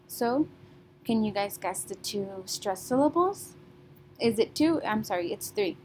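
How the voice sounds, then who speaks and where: A woman teaching a class remotely, patient and methodical, often checking in with "okay?" and clearing her throat now and then. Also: mid-range voice, lively intonation, unhurried, darkish tone, slight background noise, poor audio.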